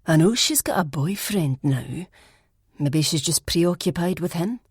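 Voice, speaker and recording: Brief: woman reading gossipy young woman student, low confiding tone, dry sound. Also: animated, measured pace, breathy edge, dry recording, heavily acted. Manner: confiding, hushed at times.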